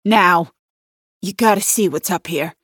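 A woman doing a pale, rattled young male cop. He calls out high and loud with urgent insistence. The read is dry and close. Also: a little slow, slightly rough, dry recording. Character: young, shaken male police officer, urgent.

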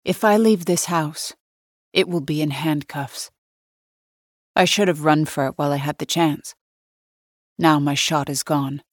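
A woman with a low voice narrates a first-person thriller audiobook. Her delivery is measured and wry, like an inner monologue. The sound is dry and close, with no room at all. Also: steady tone, no echo.

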